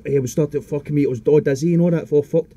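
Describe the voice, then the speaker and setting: Fast-talking dark-voiced Scottish man. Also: fairly high pitch, fairly even intonation. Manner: rambling, heavy swearing, frequent restarts. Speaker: podcast guest. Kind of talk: casual chat.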